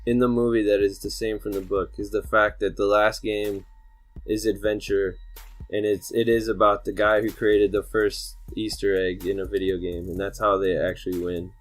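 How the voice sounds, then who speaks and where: A man's voice: fairly low pitch, flat delivery, normal speed, faint music behind. A man co-hosting a movie podcast, chatting casually and comparing the film to the book with many restarts. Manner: casual, hesitant, full of restarts and "like". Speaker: podcast co-host. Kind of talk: casual movie review chat.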